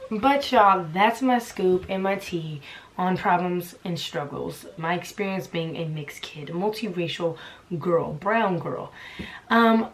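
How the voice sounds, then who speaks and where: A woman's voice: fairly low pitch, slow, slight background noise. A young woman telling a casual storytime vlog with sarcastic asides, acting out the people she quotes. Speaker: vlogger.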